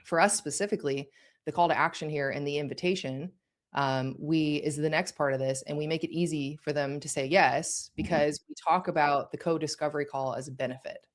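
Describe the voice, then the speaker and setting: A woman with a notably low voice leads a course in an easy, conversational way. She speaks directly and often stops to check that her listeners are following. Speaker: course instructor. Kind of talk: conversational teaching.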